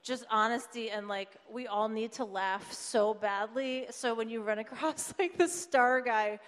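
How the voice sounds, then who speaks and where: A woman's voice: fairly high pitch, a little slow, fairly bright tone, big-room sound. A woman on a live comedy panel, rambling with lots of fillers in an upbeat way. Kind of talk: panel Q&A, casual talk.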